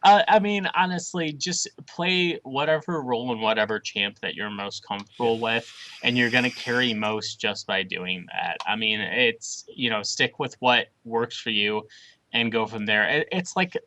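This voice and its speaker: A man co-hosting a gaming podcast, blunt and animated in casual chat. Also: medium pitch, moderate pace, low-quality recording. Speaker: podcast co-host.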